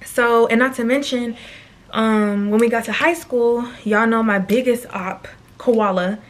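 A storytime vlogger in her twenties tells a personal story to camera, chatty and slangy, often turning aside to speak to viewers. Her voice is on the high side, with fairly even intonation and a measured pace.

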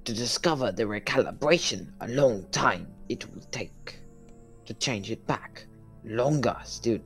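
A man voicing a wise, ancient little alien Jedi master who speaks gently with his word order turned backwards, in an audiobook reading. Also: mid-range voice, expressive, measured pace, creaky, soft background music. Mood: calm.

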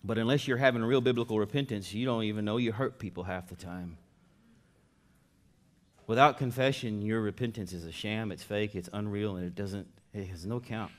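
A man's voice: on the low side, moderate pace. Conversational preacher, man, big dynamic swings. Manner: conversational preaching, swinging between soft asides and loud emphasis. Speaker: pastor. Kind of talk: sermon.

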